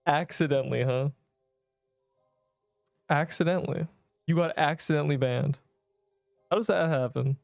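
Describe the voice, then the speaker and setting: A man's voice: on the high side, normal speed, creaky, long pauses, darkish tone, dry recording, faint music behind. A man streaming a game, chatting casually and rambling in exasperated banter with his viewers, full of slang. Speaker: gaming streamer. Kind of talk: casual livestream chatter while playing.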